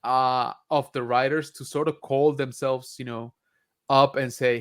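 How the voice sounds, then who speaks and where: A man's voice: mid-range voice, fairly even intonation, a little slow. Rambling casual podcast co-host man. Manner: rambling, many fillers and restarts. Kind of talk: casual chat.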